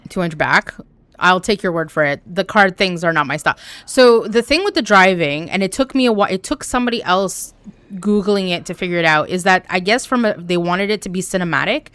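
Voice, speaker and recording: A woman's voice: lowish voice, brisk, clear, resonant tone, no echo. Chatty young woman streaming her game. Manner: chatty and animated, swears, reads chat aloud. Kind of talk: casual live-stream chat while gaming. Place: home room.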